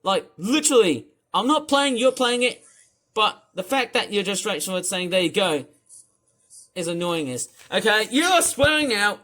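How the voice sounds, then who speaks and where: Young vlogger in a loud angry rant. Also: mid-range voice, sing-song, moderate pace. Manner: ranting, repetitive, swings into shouting.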